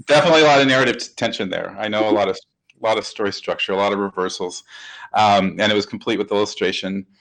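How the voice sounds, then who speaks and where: A man's voice: lowish voice, fast, creaky, a bit bright, low-quality recording. A man hosting a webcast interview, talking in an upbeat, chatty way with lots of fillers. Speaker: webcast host. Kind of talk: casual hosted interview.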